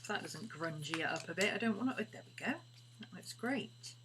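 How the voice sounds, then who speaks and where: A woman's voice: fairly low pitch, fairly quick. A woman chatting casually while crafting on a live stream, often dropping to a murmur. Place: home craft studio. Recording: steady background hum.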